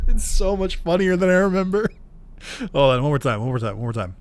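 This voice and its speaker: Excitable laughing young man gaming. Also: high-pitched, moderate pace. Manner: excitable, laughs often, swears freely. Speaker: let's play streamer. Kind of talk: casual gaming commentary.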